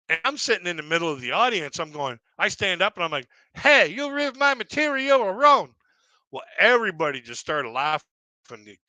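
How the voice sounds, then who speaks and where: A man's voice: fairly high pitch, sharp tone, no echo. A middle-aged man telling rambling, self-deprecating comic stories, chuckling often. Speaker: stand-up comedian.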